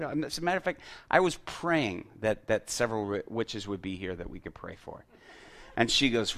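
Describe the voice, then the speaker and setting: A middle-aged male pastor telling a story in a sermon, acting out the dialogue and getting loud at the punchlines. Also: mid-range voice, lively intonation, normal speed. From Chicago area.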